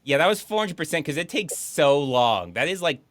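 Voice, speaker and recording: Animated man riffing on a movie. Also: a little high, brisk, no echo, clean studio sound. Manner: animated, laughing, mock quotes in put-on voices. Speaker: streamer hosting a movie riff. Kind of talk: casual commentary over movie clips.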